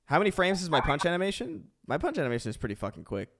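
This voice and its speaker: A man's voice: fairly high pitch, very animated, very fast, a bit bright. A man chatting casually with friends, rambling and laughing as he spins wild hypotheticals.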